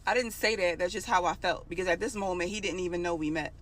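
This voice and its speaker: A woman's voice: on the low side, fast talker, a bit bright. A young adult woman telling a personal story in a casual, emotional, conversational way.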